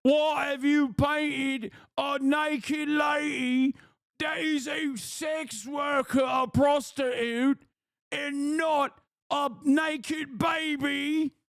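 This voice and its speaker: A man voicing an indignant, whiny medieval man complaining about art, in a mock British accent and drawn-out, outraged delivery. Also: level tone, creaky, a bit bright, dry recording, shouting, studio quality, full character voice. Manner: shrill, outraged, drawn-out whining.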